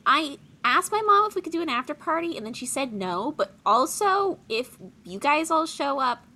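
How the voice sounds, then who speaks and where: A woman's voice: high-pitched, sing-song, normal speed, sharp tone. A woman player chatting offhandedly in character talk. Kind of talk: casual tabletop play.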